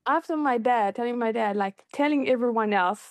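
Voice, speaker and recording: A woman guest in an interview, telling her own story in a casual, animated way and jumping up in pitch when she quotes people. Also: brisk, no room sound. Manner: animated, acts out quoted voices with high pitch jumps.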